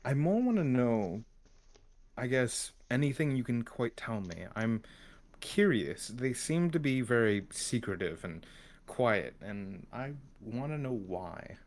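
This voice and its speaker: A man's voice: medium pitch, lively intonation, slow pace. A man playing in a tabletop game, asking questions politely in character. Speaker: player. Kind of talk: tabletop role-play.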